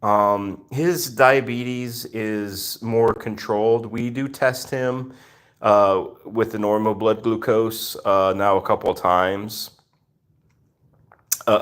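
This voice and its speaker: A man hosts a relaxed live stream from home with his rescue cats around him. He reads out viewer names one by one and answers them in a chatty, unhurried way, often pausing on fillers. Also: fairly low pitch, clear, resonant tone. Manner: chatty, greets viewers by name, many fillers. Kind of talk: casual live stream chat.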